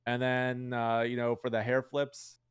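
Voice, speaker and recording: A man's voice: mid-range voice, monotone, clear, resonant tone, dry recording, clean studio sound. A young man chatting casually as an interview guest, rambling with lots of fillers. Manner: fast, rambling, heavy use of fillers. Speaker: guest streamer.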